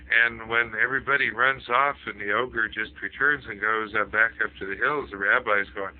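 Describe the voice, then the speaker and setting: A man's voice: lowish voice, steady tone, moderate pace, hardly any pauses. A man telling a long rambling joke, filling his talk with "you know". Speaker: storyteller. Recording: phone-like lo-fi audio.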